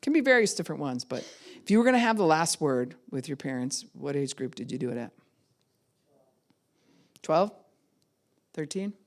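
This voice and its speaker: A middle-aged woman pastor giving a sermon, animated and acting out the voices of the people she quotes. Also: sits low, moderate pace, long pauses. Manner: animated, acts out quoted voices of kids and adults.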